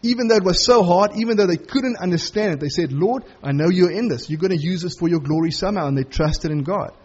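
A man preaches verse by verse, animated and full of quick acted-out asides. His voice sits high for a man and has a husky edge. The recording sounds a little dull and muffled. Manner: animated, acts out the characters' lines in quick asides. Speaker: pastor. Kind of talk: expository sermon on a Bible passage.

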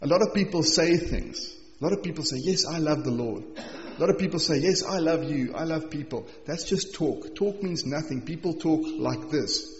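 A man preaching a morning sermon, reading scripture slowly and with emphasis, then explaining it in an earnest, conversational way. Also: a little high. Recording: echoey hall, dull sound.

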